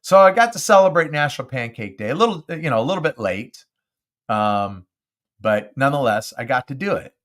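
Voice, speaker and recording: An older man from Southern California hosting a live podcast, chatty and animated, talking close into a studio mic. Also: mid-range voice, fairly quick. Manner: chatty and animated, self-deprecating. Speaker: podcast host. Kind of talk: casual live podcast chat. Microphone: close studio mic with windscreen.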